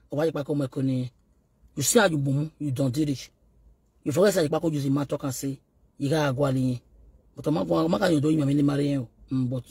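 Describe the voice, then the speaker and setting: A Nigerian man with a rough voice, ranting and taunting as he addresses a rival directly, slipping between pidgin and Yoruba. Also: mid-range voice, a little mellow, no room sound. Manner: scolding, taunting, code-switching into Yoruba. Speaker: online video host.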